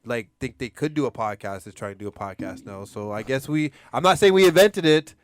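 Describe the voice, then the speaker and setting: A man's voice: mid-range voice, expressive, a little fast, smooth, no echo, clean studio sound. A man hosting a podcast in casual chat, laid-back and laughing often, leaning on "you know what I mean.". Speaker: podcast host.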